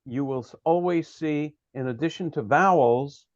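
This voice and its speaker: A man's voice: on the high side, normal speed, no echo, lo-fi sound. A man teaching a prayer study class over a video call, patiently explaining Hebrew text and checking that his students follow.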